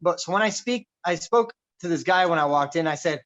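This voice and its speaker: A man hosting a casual political chat, talking in a boisterous, loud and animated way. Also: fairly high pitch, brisk. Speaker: podcast host. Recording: dull lo-fi recording.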